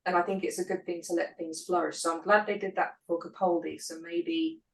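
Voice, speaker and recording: A woman's voice: lowish voice, big pitch swings, brisk, vocal fry. A British woman, a podcast guest, chatting enthusiastically in a casual conversation. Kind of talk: casual chat. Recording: echoey room.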